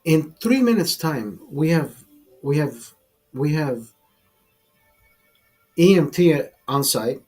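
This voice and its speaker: A man's voice: a little high, animated, takes it slowly, long pauses, a little mellow, faint music behind. A man hosting a casual drinking livestream, telling a rambling, profane bar story to his viewers. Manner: profane, rambling anecdote teller. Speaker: livestream host.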